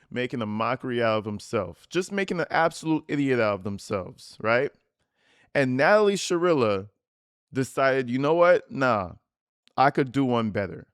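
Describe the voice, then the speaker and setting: A man ranting in a profane, mocking, animated style while giving reaction commentary on a video. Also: medium pitch, clear, resonant tone, no echo, studio quality. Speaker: commentary YouTuber.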